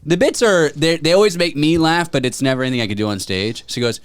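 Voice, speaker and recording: A young man co-hosting a podcast, chatting casually and telling funny stories in an animated way. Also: a little high, clean tone, no echo. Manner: fast animated storytelling. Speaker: podcast co-host. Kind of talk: casual comedic chat.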